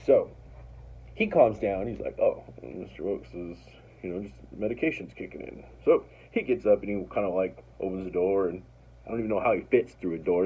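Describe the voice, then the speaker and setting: A man's voice: on the low side, husky, narrow, tinny audio. A man casually telling a personal story, rambling and profane, acting out what others said. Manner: rambling, profane, animated retelling with quoted voices.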